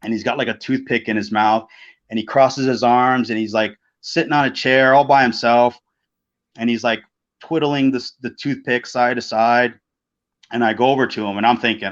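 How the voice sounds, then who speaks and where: A man's voice: mid-range voice, moderate pace. A middle-aged man spins a loose, profane story on a podcast and slips into the voices of the people in it. His voice sits in a middle register. The recording is dull and lo-fi. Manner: profane, animated storyteller who acts out quoted voices. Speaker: podcast co-host, former pro wrestler. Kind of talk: casual storytelling chat.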